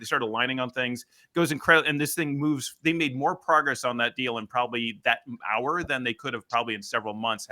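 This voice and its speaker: A man guest on a business podcast, telling a sales story in an animated way and acting out the quotes. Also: mid-range voice. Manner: animated, acts out quotes, rants.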